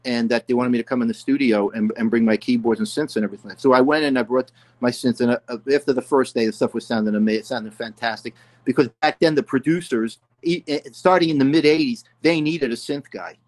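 Older male guest, loose rambling storyteller, middle-pitched voice, constant filler. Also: fast, a little mellow. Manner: rambling, full of "you know" and restarts. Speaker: guest musician. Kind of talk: casual storytelling interview.

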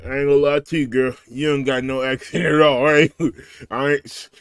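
A man hosting a reaction video, teasing the people on screen with loud, slangy banter. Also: mid-range voice, little pitch movement, normal speed, smooth, no echo. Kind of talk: casual reaction commentary.

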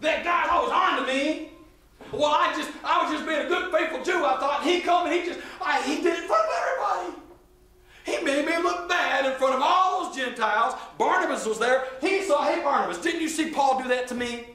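A man's voice: extremely high pitch, fairly quick, bright, forceful tone, very echoey, recorded from a distance, voice pushed up. A man voicing the apostle Peter as a wounded, complaining man who later turns humble. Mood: whiny, indignant. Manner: complaining, raised and strained.

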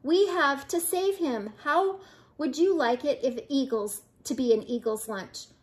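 A small, spirited prairie dog from a storybook, calling out high and urgent to the whole colony, as an older woman reading aloud puts her on. The voice rides up bright and high, slow and clear for young listeners. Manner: high, urgent calls to the others.

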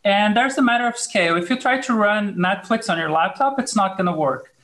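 On a remote video call with poor audio, a woman appears as a guest on an online panel, speaking as a conference speaker. Her mid-range, fairly bright voice is animated and brisk as she gives a casual technical explanation, loose and hesitant with many fillers.

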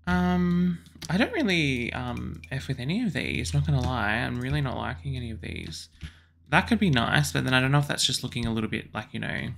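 A young Australian man chatting casually and excitedly as he builds a house in a video game, with lots of apologetic asides. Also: mid-range voice, fairly quick, gravelly, slight background noise. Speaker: YouTuber building houses in a life-sim game. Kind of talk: casual gameplay commentary.

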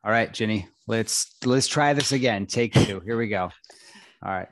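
A man's voice: lowish voice, moderate pace, dry recording, studio quality. A man from North Carolina with a Southern accent, hosting a podcast interview in a friendly, easygoing way with many restarts and fillers, speaking into a headset. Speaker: podcast host. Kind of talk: conversational interview.

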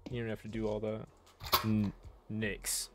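A man playing a shooter on stream, grumbling quietly and cursing in bursts of frustration. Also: lowish voice, monotone, a little slow. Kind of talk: frustrated gaming talk. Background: stream music.

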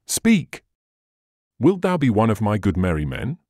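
A man's voice: on the low side, huge pitch swings, brisk, mellow, dry recording, clean studio sound. A man doing a hearty outlaw leader. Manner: archaic hearty speech, laughing boasts. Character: merry bold male outlaw leader, hearty.

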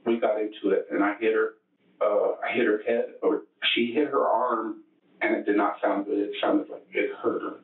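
Low, flat-voiced man in tinny echoey interrogation tape. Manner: halting, matter-of-fact recounting with restarts. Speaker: murder suspect under questioning. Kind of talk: interrogation testimony. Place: police interrogation room. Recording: echoey, distant, tinny archive recording.

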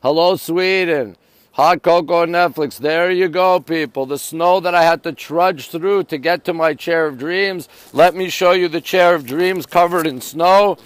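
A man's voice: a little high, a little slow, smooth, no room sound. A man from Canada live-streaming from a rooftop at night, reading viewer comments and greeting them one after another in an upbeat way. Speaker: livestream host. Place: rooftop deck in the city, outdoors at night. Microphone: phone held at arm's length.

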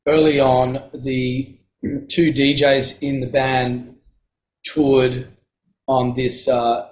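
A middle-aged man, a guest telling casual anecdotes in a relaxed, chatty way and often clearing his throat. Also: medium pitch, very slow, poor audio. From Australia. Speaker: guest, singer-songwriter.

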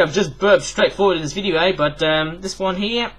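A man's voice: high-pitched, animated, normal speed, vocal fry, fairly bright tone, husky, poor audio. A man from the UK reviewing toys in a casual, rambling vlog, chatting with many fillers. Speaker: toy review vlogger.

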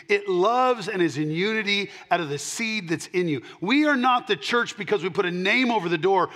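A middle-aged man addresses his congregation as their pastor, his voice sitting slightly higher than most men's. Emphatic throughout, he moves between loud, punchy statements and low, soft asides, repeating important lines to drive them home.

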